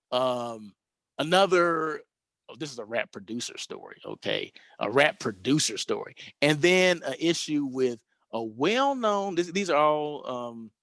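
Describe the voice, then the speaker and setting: A man's voice: medium pitch, fairly bright tone, dry recording. A man hosting a hospitality show, telling stories from his hotel career in a rambling, chatty way with lots of restarts. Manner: rambling, self-correcting, chatty. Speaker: host. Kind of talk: casual storytelling monologue.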